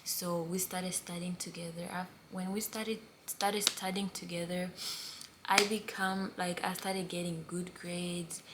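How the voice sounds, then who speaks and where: A young woman, a college student, telling a personal story in a casual vlog, speaking softly and half-whispered and rambling with many fillers. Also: fairly low pitch, flat delivery, measured pace, very noisy. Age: young adult. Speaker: student vlogger.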